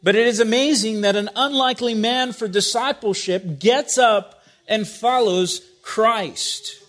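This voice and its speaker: A man preaching a sermon, reading scripture and asking his congregation rhetorical questions with wide swings in loudness. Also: high voice, unhurried.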